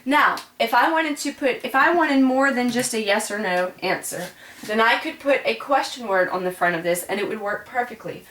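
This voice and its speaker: A woman's voice: a little high, normal speed, a bit bright, recorded from a distance, slight background noise. Casual woman teaching in an echoey room. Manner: casual and chatty, says y'all, many ums and self-corrections. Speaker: French teacher. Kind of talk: classroom grammar lesson at a board.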